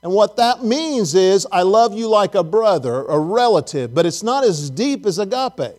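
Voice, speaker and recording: A man with a high-pitched voice preaches to his congregation in a loose, conversational way. He keeps turning to the people with questions and a quick "amen?", folksy and down to earth. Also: animated, darkish tone. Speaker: pastor. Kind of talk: conversational sermon.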